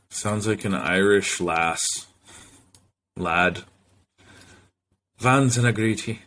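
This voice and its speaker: A man's voice: lowish voice, drawn-out words, long pauses, a bit bright. A man hosting a solo podcast, rambling loosely from one thought to the next and swearing freely. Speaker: podcast host.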